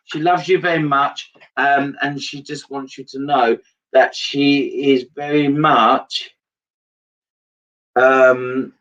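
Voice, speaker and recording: A man's voice: mid-range voice, fairly bright tone, far from the mic, dull audio. A man giving a live psychic reading, earnest and repetitive in his phrasing. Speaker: medium.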